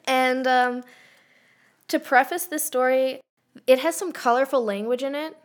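A young woman co-hosting a podcast, telling a story in a casual, animated way, swearing and laughing often. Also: high voice, measured pace. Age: young adult. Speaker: podcast co-host.

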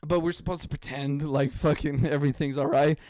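A man rants alone on his podcast in a high, smooth voice, swearing freely. He swings from loud mock outrage to low, muttered asides and laughs at his own jokes. The close mic keeps the sound dry. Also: fairly even intonation, fairly quick, dry recording. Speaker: podcast host. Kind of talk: casual solo podcast rant.

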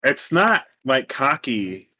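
A man co-hosting a casual chat, animated and playful, with slang and frequent laughs. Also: medium pitch, takes it slowly. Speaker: podcast co-host.

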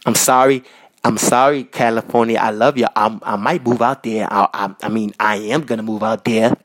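A man from Minnesota hosting a podcast, talking casually and giving loud, repetitive shout-outs full of slang. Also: lowish voice, fairly even intonation, moderate pace. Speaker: podcast host. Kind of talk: casual solo podcast monologue. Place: North Minneapolis.

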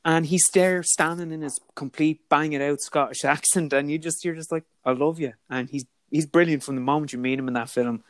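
A man's voice: fairly high pitch, fairly even intonation, fairly quick, hardly any pauses, no room sound. A man chatting as a podcast guest, enthusiastic and rambling. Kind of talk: casual podcast chat.

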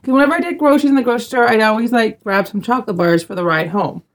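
A woman's voice: a little high, very fast. A woman hosting a podcast, chatting and teasing her husband, often laughing. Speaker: podcast host. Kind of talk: casual podcast chat.

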